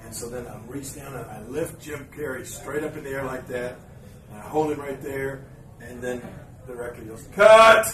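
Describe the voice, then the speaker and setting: A man's voice: mid-range voice, moderate pace. Man spinning a live story in a roomy hall. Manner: animated, chuckles often, acts out scenes. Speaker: podcast host telling a story to live fans. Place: live event room with an audience. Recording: roomy, distant live recording with ambient noise.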